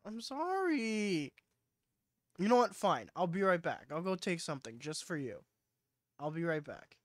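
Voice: mid-range voice, big pitch swings, a little slow, dry recording, studio quality. A streamer with a stuffy, sniffly nose, chatting playfully with viewers during a casual live gaming stream. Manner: chatty, playful, talks to chat.

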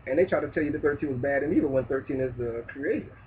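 A man ranting in a loud, preachy, profane street manner in a vlog monologue. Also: medium pitch, rapid-fire, background noise. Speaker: vlogger. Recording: distant tinny phone-like sound.

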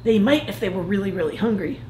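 A woman voicing a grumpy, sly crab who tells a bedtime story in a gruff, deadpan way. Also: mid-range voice, quick pace, echoey room, a little hiss or hum, lightly acted.

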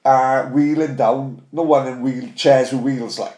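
A man's voice: medium pitch, steady tone, unhurried, a little mellow, echoey room. A man with a Swansea accent, hosting a podcast and telling sweary stories in casual chat. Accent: Welsh, Swansea. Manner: sweary storytelling, quotes others. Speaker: podcast host.

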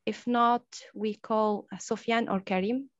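A woman's voice: fairly high pitch, fairly even intonation, slow, no room sound. A woman moderating an online workshop who speaks hesitantly, with many fillers. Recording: dry, dull lo-fi call audio.

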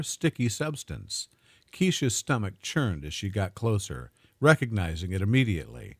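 A man narrating a dramatic story in a smooth, scripted way. His voice sits low but moves lively through its pitch. The recording is dry and close. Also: no echo.

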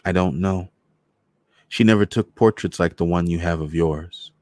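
An anxious young girl pleading for mercy, read by a man. The deep voice stays close and dry throughout. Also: moderate pace, a little mellow, dry recording, natural voice. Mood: quiet. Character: frightened young girl narrator.

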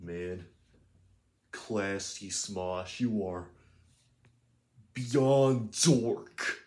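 A man's voice: lowish voice, drawn-out words, a little mellow. A man playing a cocky, scornful teenage boy in a fan parody roast, mocking and name-calling. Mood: ranting.

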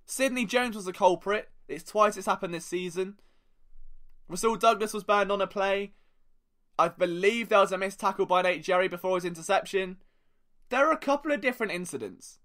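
A man's voice: high-pitched, fairly quick. A young man hosting a sports podcast, telling stories in a sarcastic, joking way. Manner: animated, sarcastic storytelling. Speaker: podcast host. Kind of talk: casual sports podcast monologue.

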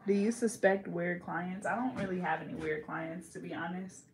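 A woman's voice: lowish voice, fairly even intonation, normal speed, reverberant, noisy background. A young woman from California, a hair braider, chatting playfully and teasing while she works, laughing often. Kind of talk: casual chat while braiding.

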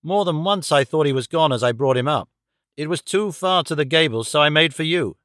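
A man's voice: a little high, expressive, brisk, a bit bright, no room sound. Brief: male narrator putting on a desperate headmaster, raised and urgent, dry close mic. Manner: urgent and pleading. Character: frantic middle-aged male school headmaster. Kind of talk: audiobook character reading.

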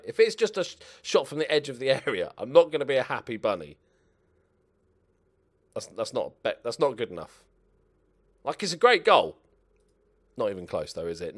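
A young man playing a football management game, muttering to himself and swearing at his players as he comments. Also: medium pitch. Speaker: gaming channel host.

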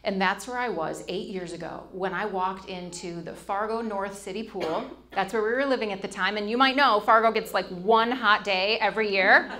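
A woman's voice: mid-range voice, moderate pace. A middle-aged woman, giving a storytelling stage talk and acting out the voices she quotes. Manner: animated, acts out quoted voices. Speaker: speaker.

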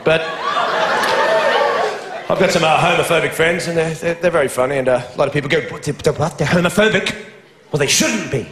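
A man with an Australian accent doing a profane, ranting stand-up comedy set, talking straight to a live audience. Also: medium pitch. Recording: roomy club with loud crowd laughter.

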